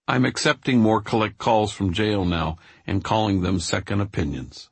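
A man reading his own memoir aloud in a measured, reflective, preacherly cadence. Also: on the low side, husky, dry recording.

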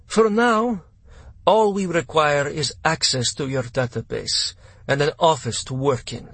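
A man's voice: fairly high pitch, a little slow, fairly bright tone, slightly rough, no room sound, heavily acted. A man voicing an icy female army colonel. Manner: clipped, hard and contemptuous. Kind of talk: audiobook character voice.

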